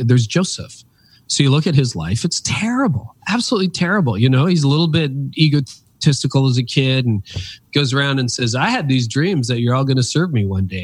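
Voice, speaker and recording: A man in his fifties, an author and speaker, telling stories in an interview with emphatic, animated delivery. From Canada. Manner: animated, emphatic storyteller with pitch leaps. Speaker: podcast guest, author and speaker. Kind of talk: reflective interview storytelling.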